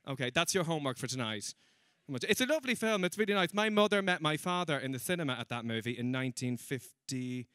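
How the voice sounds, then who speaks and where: A man doing stand-up comedy before a live audience, chatting with the crowd in a self-mocking, quick way. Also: a little high, animated, bright, forceful tone, dry recording, studio quality. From Ireland.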